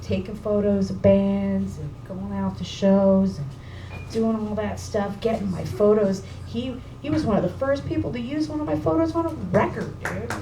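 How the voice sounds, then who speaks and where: A woman's voice: medium pitch, moderate pace. A woman telling a heartfelt personal story to an audience at a live gathering, emotional and casual, often saying dude and swearing. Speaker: speaker at a memorial gathering. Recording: echoey room, distant mic, background noise.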